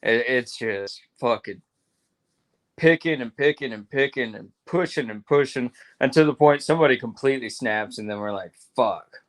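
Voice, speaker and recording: Casting: crude jokey podcast co-host, teasing, mid-pitched man. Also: moderate pace, a bit bright. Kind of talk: casual podcast banter.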